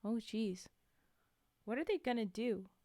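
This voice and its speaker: A woman reads a story on a casual livestream, breaking off for chatty, giggly asides to her viewers. Her voice is mellow and warm, and the sound is close and dry. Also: on the high side, expressive, measured pace, no echo. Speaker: streamer reading stories.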